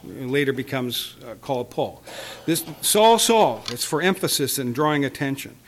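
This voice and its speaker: A man preaching a sermon, reading scripture slowly and with emphasis, chuckling lightly between points. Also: medium pitch. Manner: expressive, stretches quoted scripture slowly with emphasis.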